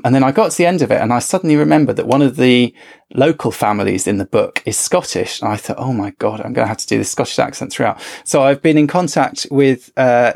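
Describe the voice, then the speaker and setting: Gravelly British man chatting on a podcast. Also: medium pitch, a little mellow. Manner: rambling, self-deprecating, with frequent restarts. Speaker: author and regular podcast co-host. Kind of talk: casual podcast chat.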